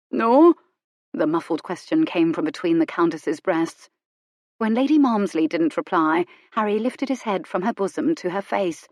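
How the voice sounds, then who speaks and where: A woman narrating a romance audiobook in a measured, wry storytelling manner. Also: lowish voice, a little mellow, dry recording, clean studio sound. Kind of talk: scripted narration.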